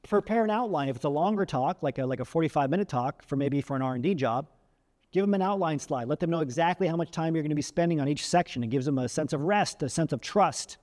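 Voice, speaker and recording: A man's voice: fairly high pitch, fast talker, darkish tone, long reverb tail. A man giving career advice to camera, talking casually with frequent asides and demonstrating ways of using the voice. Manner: demonstrates vocal techniques, shifts emphasis and volume; conversational, frequent "right?" asides and restarts. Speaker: career coach.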